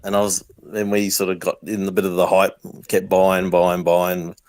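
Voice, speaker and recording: Aussie guy calling in, low flat voice, lots of ums, dry sound. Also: moderate pace, dry recording. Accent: Australian. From Australia. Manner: hesitant, many ums and restarts. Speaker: viewer calling in. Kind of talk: casual chat.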